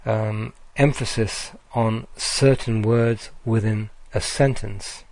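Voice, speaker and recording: A man giving a recorded slide lecture, speaking deliberately with frequent ums and uhs. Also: fairly low pitch, fairly even intonation, darkish tone.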